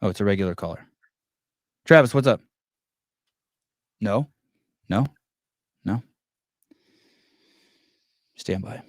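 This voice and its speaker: A man's voice: mid-range voice, a little mellow, no room sound, studio quality. A man hosting a podcast in casual chat, swearing freely and restarting his sentences often. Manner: profane, rambling, many restarts. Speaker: podcast host. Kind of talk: casual live-stream chat taking calls.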